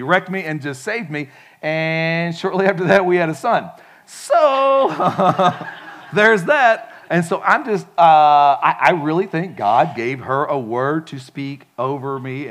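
Man, pastor preaching, casual conversational sermon, slightly high voice. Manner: casual, animated and conversational, with frequent "like" and asides to the congregation.

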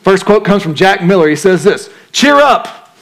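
A pastor with a high voice talks fairly quickly through his conversational sermon. Along the way he asks his listeners questions and imitates the voices in their heads.

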